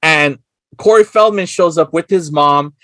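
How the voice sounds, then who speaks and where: A man's voice: a little high, unhurried, no echo, studio quality. A man co-hosting a casual chat, talking loosely and swearing as he retells a movie scene. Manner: animated, swearing, acts out quotes in bursts of Spanish. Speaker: podcast co-host.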